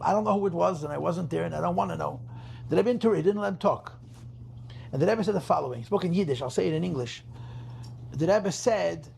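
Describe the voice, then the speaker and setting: A man's voice: high voice, creaky, darkish tone, slight background noise. A rabbi telling a story at a gathering, emphatic, repeating his phrases and mixing in Yiddish terms. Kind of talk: farbrengen storytelling talk.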